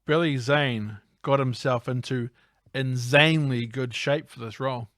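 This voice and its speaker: A man's voice: medium pitch, measured pace, fairly bright tone, no echo, clean studio sound. A man co-hosting a casual comedic film recap podcast, narrating the scenes one by one in an upbeat way. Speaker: podcast co-host.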